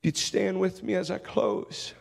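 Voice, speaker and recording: Here the preacher's voice sits high and gravelly, steady in tone and unhurried, ringing through a large hall. Before a congregation in the sanctuary, he poses searching, pleading questions and repeats his opening line as the sermon becomes an altar-call prayer.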